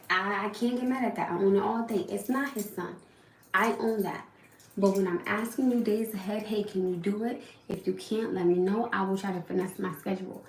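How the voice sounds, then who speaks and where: A young woman talks straight to her livestream viewers, venting about her day in a loose, animated way. Her voice sits at a middle pitch, and the room around her rings with a noticeable echo. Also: slight background noise. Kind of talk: casual live-stream storytelling.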